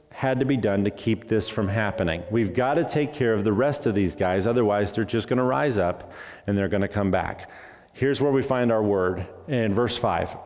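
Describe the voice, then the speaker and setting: A man preaching a sermon as pastor. He talks in an animated way, acts out bits of dialogue and throws in jokey asides. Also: fairly low pitch, long reverb tail. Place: church sanctuary.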